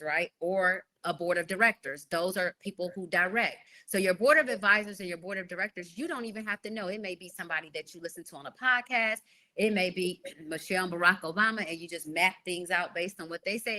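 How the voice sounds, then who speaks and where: Bright-voiced woman, lower pitch. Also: a little fast. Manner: animated, explains with repeated "right?". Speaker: guest author. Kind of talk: podcast interview.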